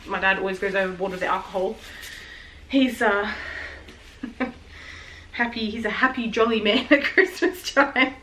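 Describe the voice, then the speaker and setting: A fairly high, pushed and bright voice belongs to a pregnant vlogger in her late twenties, chatting while wrapping gifts at home. Frank and a little winded, she swears and laughs frequently. The poor audio has a little hiss or hum.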